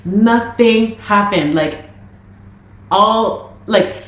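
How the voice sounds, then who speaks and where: A woman from Canada, a musician, giving an animated and exasperated account of a dispute, with many restarts. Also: mid-range voice, drawn-out words. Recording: very echoey room.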